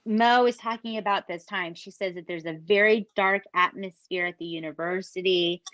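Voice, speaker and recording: A woman, co-hosting a podcast and retelling a true crime story in an animated, casual way that includes swearing. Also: lowish voice, moderate pace, no echo, muffled recording. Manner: animated, swears, addresses listeners as "you guys". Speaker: podcast co-host.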